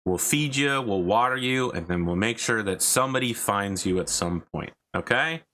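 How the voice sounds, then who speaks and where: A man's voice: on the low side, expressive, normal speed, bright, forceful tone, slight background noise. A man voicing a stern masked male contractor playing bad cop, speaking in a curt, commanding way.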